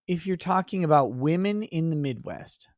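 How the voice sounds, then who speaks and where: A man's voice: fairly high pitch, expressive, moderate pace, dry recording. A man holds forth on a livestream in a loose, profane rant. He is mocking and exasperated, swearing freely. The sound is dry, with no room around it. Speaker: livestream host.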